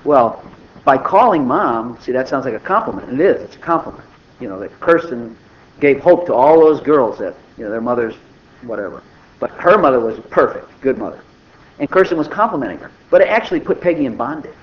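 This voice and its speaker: A little fast and lively in intonation, an older preacher with a medium-pitched voice delivers a relaxed, talk-like sermon, playing out small conversations as he goes. The recording is dull and lo-fi with faint noise.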